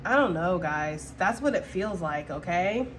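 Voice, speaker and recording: A woman giving a casual, slangy tarot reading to her viewers, talking in an animated way with frequent laughter. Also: on the low side, unhurried, slight background noise. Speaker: tarot reader.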